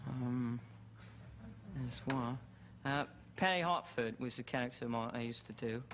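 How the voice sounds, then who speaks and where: A man's voice: mid-range voice, unhurried, a bit bright, slight background noise. A man, an auditioning comedian, chatting in a hesitant, self-deprecating way between bits. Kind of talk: audition patter.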